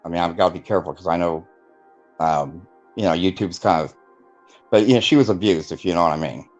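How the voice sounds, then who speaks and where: Sharing his testimony in a relaxed interview, a low-voiced man speaks briskly, rambling through his life story with plenty of fillers and imitating the people he quotes. The audio is dull, with faint music behind him.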